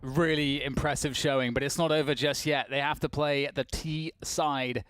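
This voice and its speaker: A man giving analysis and excited calls as a co-commentator on a competitive shooter match. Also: a little high, moderate pace, clean tone, no echo. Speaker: esports co-caster. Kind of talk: color commentary.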